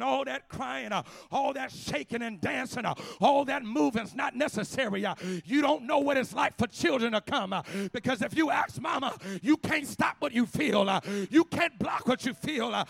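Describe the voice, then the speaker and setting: A man preaching in a church, shouting in a rhythmic, chanted style with a huffing "uh" at the start of each phrase. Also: very high-pitched, no echo. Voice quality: raspy, gravelly voice. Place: church sanctuary.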